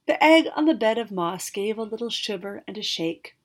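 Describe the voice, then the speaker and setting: A woman narrating a fantasy storybook aloud, expressive, with occasional slips and restarts. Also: medium pitch, moderate pace, hardly any pauses.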